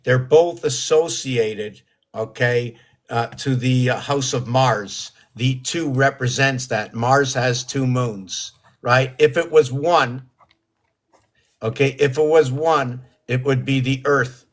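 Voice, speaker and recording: A man hosting a solo livestream, musing in a rambling, meandering way about numbers and hidden meanings. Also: medium pitch. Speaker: livestream host.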